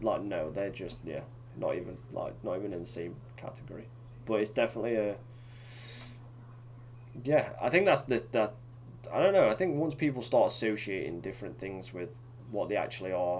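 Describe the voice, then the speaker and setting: Low-voiced man, rambling chat. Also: darkish tone, slight background noise. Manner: rambling, many fillers and restarts. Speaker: podcast co-host. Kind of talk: casual chat.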